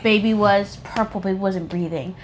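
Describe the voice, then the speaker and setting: A woman's voice: medium pitch, fairly even intonation, moderate pace, slight background noise. A woman casually telling the story of giving birth, matter-of-fact and joining in with her partner. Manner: matter-of-fact, chiming in and laughing. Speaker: co-host of a couple's channel.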